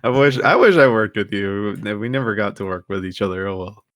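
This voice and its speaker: A man's voice: lowish voice, brisk, a bit bright, no room sound. Blunt young man on a dry mic. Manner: blunt, swears freely, laughs along. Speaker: podcast co-host. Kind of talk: casual podcast chat.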